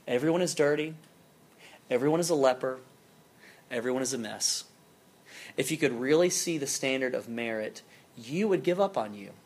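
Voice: medium pitch, normal speed. Conversational campus preacher. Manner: conversational, animated storytelling with casual fillers. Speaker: campus minister. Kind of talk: sermon.

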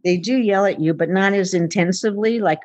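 This woman, a futurist being interviewed, chats through personal anecdotes full of fillers and performs the dialogue herself. She speaks at medium pitch and a brisk pace, sounding a little mellow. There's no echo.

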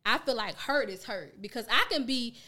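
High-voiced woman, emphatic and animated. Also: moderate pace. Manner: emphatic, acts out customer exchanges. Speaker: co-host. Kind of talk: casual podcast chat.

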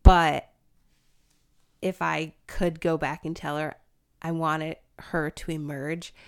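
Lower-voiced woman sharing reflections. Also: flat delivery, creaky, clean tone. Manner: searching, restarts, quick laughs. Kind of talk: reflective faith chat.

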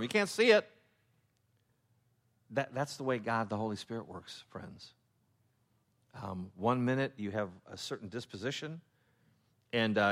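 Animated male pastor telling a story. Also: medium pitch. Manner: animated storytelling, acting out voices of biblical figures, laughing asides; drops to a hushed, slow tone on solemn points. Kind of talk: sermon.

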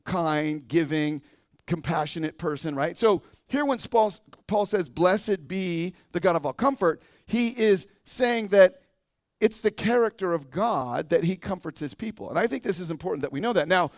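A man's voice: sits high, animated, normal speed, no room sound, studio quality. A man preaching a sermon as pastor, talking conversationally and often checking in with a "right?". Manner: conversational, asks the congregation and adds "right?". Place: church sanctuary.

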